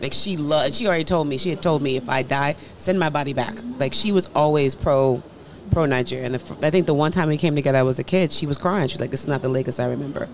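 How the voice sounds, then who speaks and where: A woman's voice: sits low, fast. An American woman in her thirties chats with open candor. She tells her stories in a loose, conversational way and slips into other voices when she quotes people. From United States. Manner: frank storytelling, acts out quotes in other voices, swears freely. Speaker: guest, professor. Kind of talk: candid casual chat.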